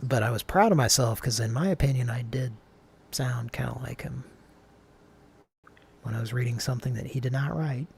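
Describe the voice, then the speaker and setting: A man's voice: mid-range voice, normal speed, gravelly, pauses often, a little mellow, a little hiss or hum. A man co-hosting a casual talk show, rambling through stories and reading listener comments aloud. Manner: rambling, self-interrupting storyteller. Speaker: podcast co-host.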